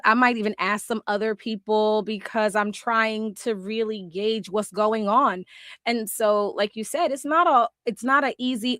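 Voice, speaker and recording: A woman co-hosting a podcast in casual chat, animated and laughing often, acting out little quoted exchanges. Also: on the high side, unhurried, no room sound, clean studio sound. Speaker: podcast co-host.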